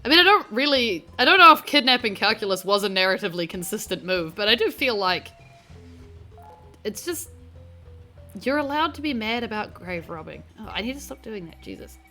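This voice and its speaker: A woman's voice: medium pitch, sing-song, brisk, bright, forceful tone, soft background music. A young woman with a New Zealand accent, rambling and swearing casually while commentating on a game she is playing. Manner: rambling, sweary, self-mocking. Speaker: game streamer. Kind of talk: casual let's-play commentary.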